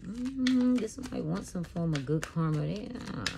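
A woman doing a casual, profane tarot reading monologue, animated and laughing often. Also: fairly low pitch, moderate pace, gravelly, background noise. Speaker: tarot reader.

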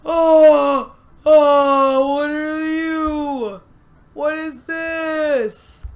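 A young woman giving excitable commentary over her own gameplay, often exclaiming and gasping. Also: high voice, extremely slow. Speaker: gameplay video host.

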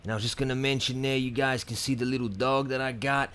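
A man giving excited gameplay commentary, cheering and whooping at his wins. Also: mid-range voice, quick pace, smooth. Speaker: gaming commentator.

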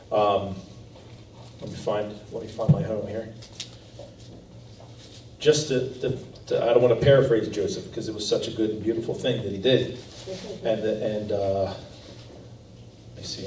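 Pastor preaching in a roomy church. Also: male voice, fairly low pitch, steady tone, a little slow, long pauses, dark tone, a little hiss or hum. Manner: earnest, conversational preaching with restarts. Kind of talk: sermon. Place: church sanctuary. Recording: roomy, distant live church recording.

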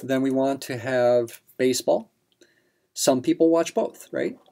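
Gravelly patient math teacher, man. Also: medium pitch, measured pace, dark tone. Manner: patient step-by-step explanation with fillers. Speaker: math instructor. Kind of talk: explaining a practice problem.

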